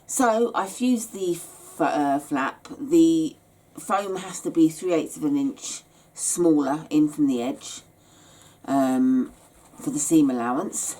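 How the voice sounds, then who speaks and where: Woman, tired, low and unhurried; rambling craft-tutorial host. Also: dark tone. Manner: chatty and rambling, many hesitations. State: tired, yawning. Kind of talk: casual step-by-step craft tutorial.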